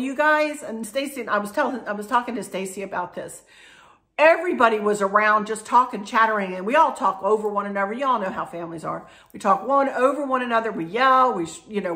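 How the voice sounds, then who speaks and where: A woman's voice: medium pitch, fairly quick, bright, forceful tone. Woman vlogger, middle-aged, chatty, emotional, rambling restarts. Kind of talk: casual chat to camera.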